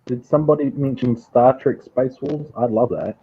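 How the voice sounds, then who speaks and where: A man's voice: medium pitch, normal speed, husky. A man from New Zealand with a South Island accent, joking around as a guest in a casual online chat. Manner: jokey, playful. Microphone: phone on a video call. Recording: dull, breaking-up phone audio.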